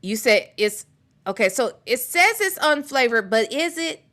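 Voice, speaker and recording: Lively, bright-voiced woman host chatting. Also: fairly high pitch, measured pace. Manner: greets viewers by name and reads their comments aloud; chatty and playful, laughs freely. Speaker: livestream host. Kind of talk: casual livestream chat.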